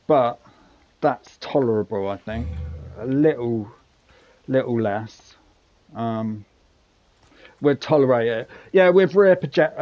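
A man's voice: a little high, warm tone. A man hosting casual gameplay commentary, chatty and jokey with rambling asides. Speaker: gaming channel host.

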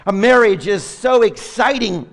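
A middle-aged male pastor with a high voice preaches with passion, dropping to near hushes and rising to loud, fervent peaks. His words ring out with a long reverb in a church sanctuary. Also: expressive, measured pace. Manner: impassioned preaching with dramatic swings between soft and loud. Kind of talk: sermon.

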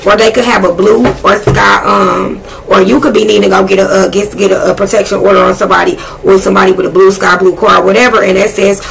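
A woman giving a casual tarot reading, blunt and excitable, swearing freely as she talks to spirit. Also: mid-range voice, quick pace, gravelly, hardly any pauses, a little hiss or hum, rough recording. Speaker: tarot reader.

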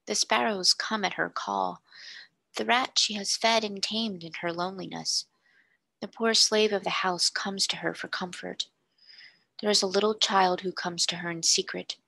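A woman voicing a devoted male servant who speaks in a hushed, solemn, formal whisper. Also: mid-range voice, steady tone, normal speed, vocal fry, no room sound. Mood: hushed reverent.

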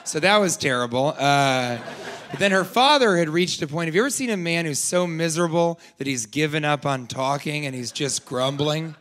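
Deadpan man doing stand-up. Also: fairly high pitch, moderate pace. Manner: deadpan, rambling asides. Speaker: stand-up comedian. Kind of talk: stand-up comedy. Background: audience laughter.

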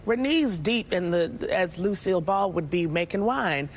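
A stage actor answering interview questions in a playful, expressive way. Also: medium pitch, normal speed, a little hiss or hum.

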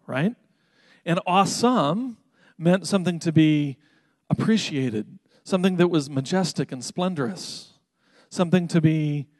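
A man delivers a sermon in a fairly high voice. He reads scripture with building intensity, then shifts into a relaxed, conversational teaching tone. The sound is dry and close, with little room echo. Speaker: pastor.

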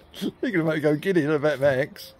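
A man filming his dogs in a garden, teasing and cheering them on with a chatty, laughing manner. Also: on the high side. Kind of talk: casual talk to pets while filming. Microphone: handheld camera.

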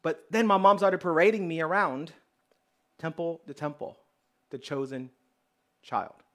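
A man preaching as a pastor, telling a personal story in an animated way and acting out the dialogue. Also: a little high, a little slow. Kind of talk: storytelling sermon.

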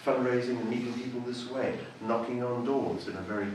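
A man's voice: mid-range voice, fairly even intonation, a little fast, a little mellow, a little hiss or hum. A man with an English accent giving a personal testimony, a self-deprecating storyteller who acts out the voices of people in his story. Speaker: church member giving a testimony. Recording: echoey room heard from a distance.

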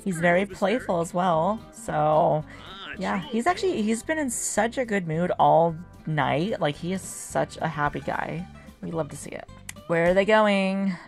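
A woman hosts a video game channel, offering chatty, casual let's-play commentary and giggling often over faint game music. Her voice is on the low side and animated, a little slow, with vocal fry.

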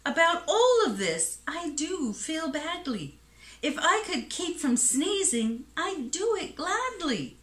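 A woman voicing a big, sorry male elephant in a storybook read-aloud, pleading and excitable. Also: sits high, slow pace, pitched above the performer's own voice, heavily acted. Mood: apologetic. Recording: echoey room.

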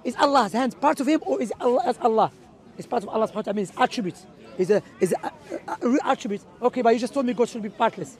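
High-voiced man arguing a point outdoors. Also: animated, very fast, a faint crowd. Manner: emphatic, argumentative, mixing in religious Arabic phrases. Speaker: street preacher. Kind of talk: impromptu outdoor debate. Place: outdoors in a city park.

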